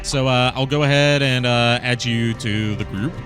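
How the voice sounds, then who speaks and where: A man's voice: mid-range voice, moderate pace. A man streaming a video game, chatting casually and rambling with lots of fillers and jokes. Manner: rambling, joking, filler-heavy. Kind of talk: casual gameplay commentary. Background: faint game music.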